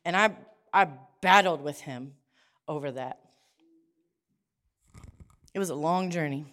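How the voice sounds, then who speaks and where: A woman's voice: deep voice, slow, a bit bright. A woman preaching a sermon, telling a personal story in a conversational way with frequent restarts.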